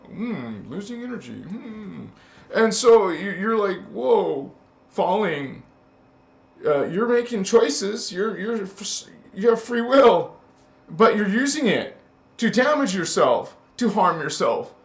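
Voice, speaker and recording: Male spiritual host with a high voice and a slow, hesitant, scolding delivery, recorded in a reverberant room. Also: sing-song, gravelly. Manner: preachy and scolding, with sudden loud chanted words; hesitant, many fillers and restarts. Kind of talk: confrontational spiritual monologue. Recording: echoey room.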